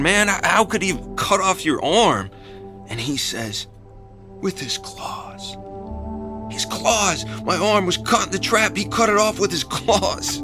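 An actor playing a rough fisherman who witnessed a massacre, telling it in an agitated, slangy way in an audio drama. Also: on the low side.

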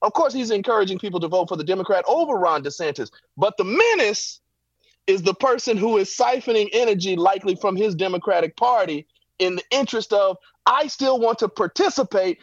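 A man's voice: high voice, expressive, a little fast, no room sound, lo-fi sound. A man giving impassioned political commentary from home, emphatic and preacherly, with rhetorical "right?" tags. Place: home, backyard visible.

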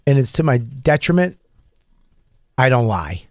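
A man's voice: mid-range voice, big pitch swings, measured pace, a little mellow, no room sound, studio quality. A man co-hosting a podcast, laughing a lot and playfully defending himself. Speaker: podcast co-host. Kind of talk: casual podcast banter.

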